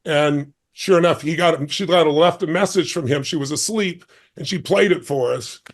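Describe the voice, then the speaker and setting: A man's voice: a little high, normal speed. A man in his sixties, a guest on an interview show, telling a story with intense emphasis and acting out the dialogue. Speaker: guest speaker.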